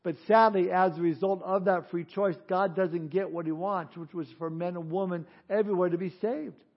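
A man's voice: high voice, fairly even intonation, normal speed, muffled recording. A man preaching an earnest sermon as a pastor, building to emphatic peaks.

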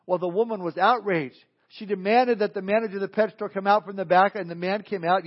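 A male pastor with a high-pitched, fairly quick voice preaches a sermon in a folksy, joking, storytelling style, reading scripture and leading prayer. The recording is dull and lo-fi.

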